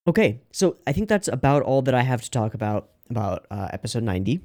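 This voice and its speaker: A man hosting an anime reaction video, talking casually and rambling, with loud excited outbursts and some yawning. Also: medium pitch, fast talker. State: yawning, sleepy.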